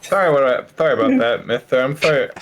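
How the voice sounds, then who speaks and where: A male tabletop player calmly describing what his character does, with some hesitation and restarts. He sounds unhurried and easygoing. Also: mid-range voice. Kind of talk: casual tabletop play.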